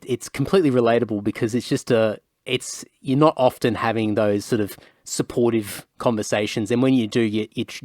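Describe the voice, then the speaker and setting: A man's voice: on the low side, dry recording, studio quality. An Australian man hosting a podcast, talking in a rambling, conversational way with many fillers. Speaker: podcast host. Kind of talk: casual chat.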